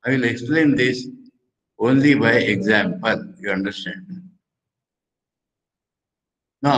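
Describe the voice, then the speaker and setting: An older man with an Indian English accent, a monk who teaches scripture slowly, repeats phrases and recites Sanskrit verses. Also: medium pitch, a bit bright, poor audio. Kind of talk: religious discourse.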